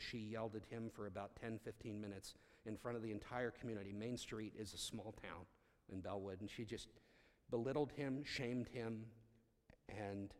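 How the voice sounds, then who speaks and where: A man telling a story aloud, acting out the dialogue with lots of restarts. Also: fairly low pitch. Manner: animated, acts out dialogue, frequent restarts. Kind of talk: storytelling talk. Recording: long hall reverb.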